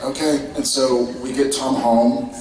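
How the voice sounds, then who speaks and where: A man's voice: medium pitch, flat delivery, measured pace. Man laughing through a story in an echoey hall. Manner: laughing storyteller, quoting family dialogue. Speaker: convention panel guest. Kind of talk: anecdote told on stage. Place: large convention hall. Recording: echoey hall, mic heard from far off, loud noise.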